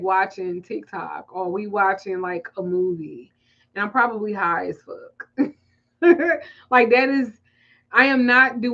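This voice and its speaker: A woman's voice: mid-range voice, fairly bright tone, dull audio. A woman with a Southern US accent hosting a casual livestream, telling stories in loose, profane, laughing banter. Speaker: spiritual reader and livestream host.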